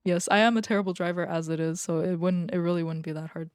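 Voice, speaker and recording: A woman's voice: on the low side, fairly even intonation, fast talker, a little mellow, smooth. Chatty young woman venting on stream. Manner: chatty, swearing, laughing often, venting. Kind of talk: casual stream chat.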